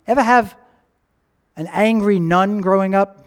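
High-voiced man preaching animatedly. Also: measured pace. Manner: animated storytelling, acting out characters' lines; asks the congregation questions. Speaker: pastor. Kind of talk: sermon.

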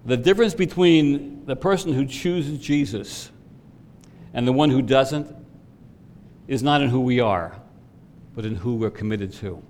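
A man's voice: medium pitch, expressive, a little slow, long pauses, a little mellow. A middle-aged man preaching a sermon as pastor, earnest, rising in emphasis when he puts questions to the congregation. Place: church sanctuary. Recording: long reverb from a church hall.

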